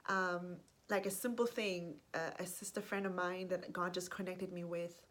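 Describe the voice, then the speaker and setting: A woman giving an effusive faith testimony to camera. She often restarts her sentences, reads scripture aloud more softly, and closes with blessings over her listeners. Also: fairly low pitch, flat delivery, normal speed. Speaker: Christian speaker sharing her testimony.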